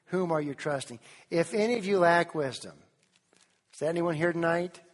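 High-voiced Tennessee preacher in a reverberant hall. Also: male voice, moderate pace. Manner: animated, questioning the congregation, quoting King James scripture. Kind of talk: sermon.

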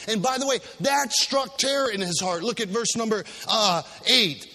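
A man's voice: animated, moderate pace, hardly any pauses, pushed and bright. A male preacher giving an emphatic sermon, reading scripture and calling on the room to finish phrases, heard with a long hall reverb. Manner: call-and-response, emphatic, dropping low for gravity.

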